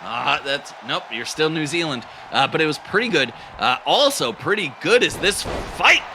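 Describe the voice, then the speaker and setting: A man's voice: a little high, normal speed, noisy background. Goofy man calling wrestling action. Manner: goofy, silly jokes, bursts into excited shouting. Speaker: play-by-play commentator. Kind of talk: comedic wrestling commentary.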